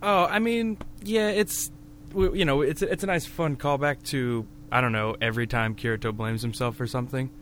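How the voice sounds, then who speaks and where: A man's voice: moderate pace, a bit bright, a little hiss or hum. Man chatting, acting out quotes. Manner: acts out characters' lines with jumps in pitch. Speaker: podcast co-host. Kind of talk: casual chat about an anime.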